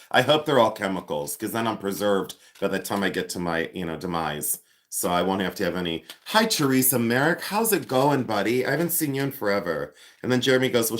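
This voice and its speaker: A man's voice: medium pitch, fairly bright tone. A man in his fifties hosting a casual livestream, rambling and joking as he chats with viewers by name. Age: 50s. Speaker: livestream host and jewelry collector.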